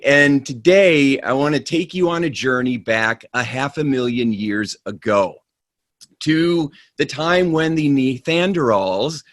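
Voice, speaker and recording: A man speaking on a webinar, telling a story in an animated way. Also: mid-range voice, no room sound. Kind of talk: storytelling talk.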